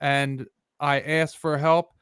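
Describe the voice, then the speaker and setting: Earnest male podcast host, smooth and dry. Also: a little high, level tone, fairly bright tone, no room sound. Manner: earnest, reflective, with halting restarts. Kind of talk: casual interview chat.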